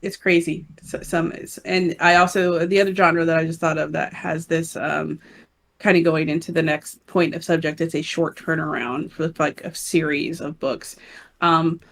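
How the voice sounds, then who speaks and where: A woman's voice: low-pitched, flat delivery, gravelly. A woman co-hosting a podcast in casual chat, talkative and hesitant with frequent ums. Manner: chatty, hesitant with frequent "um", quick to laugh. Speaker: podcast co-host.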